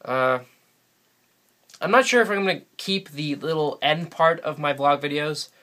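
Bright-voiced rambling New guy. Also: fairly high pitch, unhurried. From New England, USA. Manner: rambling, chatty, laughs often. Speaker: vlogger. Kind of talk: casual solo vlog. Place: sitting alone in front of a camera. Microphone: camera mic.

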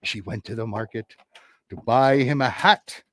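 A man's voice: medium pitch, measured pace, fairly bright tone. A man running a livestreamed puppet show, chatty and playful with sing-song asides, telling a nursery rhyme into a camera. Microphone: camera on a desk.

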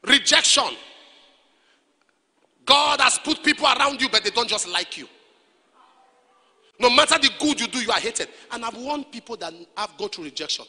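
A man preaching a sermon, acting out quotes and rising into shouts. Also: extremely high pitch, animated, moderate pace, long pauses. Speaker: pastor. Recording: long hall reverb.

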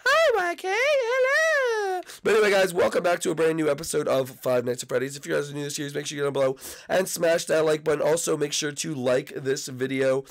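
A man with a cold hosting excitable, rambling gameplay commentary. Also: fairly high pitch, fast. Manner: excitable, rambling, shouts out to friends. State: sick, coughing. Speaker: YouTube gaming host.

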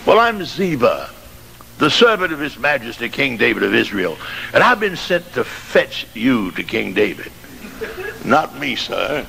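A man preaching a sermon, telling a story dramatically and rising to shouted climaxes. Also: medium pitch, vocal fry. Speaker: pastor. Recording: noisy old sermon tape.

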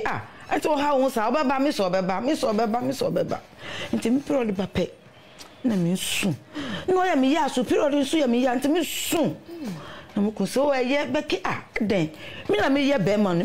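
A woman's voice: high voice, normal speed, a little hiss or hum. A middle-aged woman with a Ghanaian accent, sharing her testimony as a guest in a casual conversation. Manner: animated storytelling with laughter.

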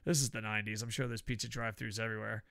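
A middle-aged man, talking casually about wrestling. He has a gravelly, bright, slightly high voice and tells rambling, profane stories. The sound is dry and close. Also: fairly even intonation, rapid-fire, no room sound. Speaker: podcast host. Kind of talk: casual wrestling review chat.

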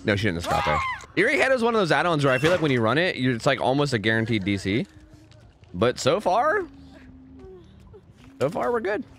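A man's voice: mid-range voice, huge pitch swings, a little fast, pauses often, noisy background. A man streaming a video game, chatting casually and rambling with lots of fillers and swearing. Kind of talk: casual gaming stream chat.

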